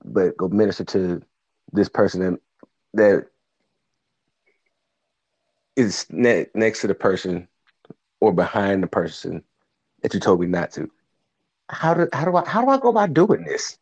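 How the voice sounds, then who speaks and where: A man's voice: low voice, sing-song, normal speed, long pauses, darkish tone, slightly rough. A man co-hosting a casual faith talk, musing aloud in rhetorical questions. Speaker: co-host. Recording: dull lo-fi sound.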